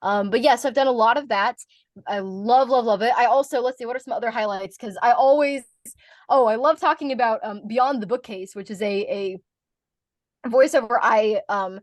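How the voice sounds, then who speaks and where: A young American woman with a fairly high voice, chatting with animated energy. She laughs often and stumbles through fillers and restarts. The sound is dry and close to the mic. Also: normal speed, no room sound. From United States. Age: young adult. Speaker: guest, voice actor and speaker. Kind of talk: casual interview chat.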